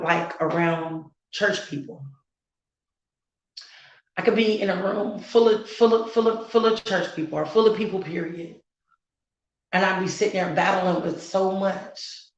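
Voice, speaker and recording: A woman's voice: fairly low pitch, echoey room, highs cut off. A woman co-hosting a casual heart-to-heart talk as a mother, earnest and growing fervent and preachy, repeating words for emphasis. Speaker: co-host, mother.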